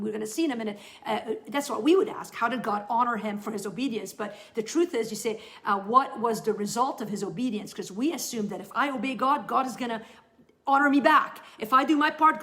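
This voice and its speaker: Woman preaching, chatty asides between scripture reading, voice a bit high. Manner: lively, conversational, reads scripture aloud with asides. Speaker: Bible teacher. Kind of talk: sermon, Bible teaching.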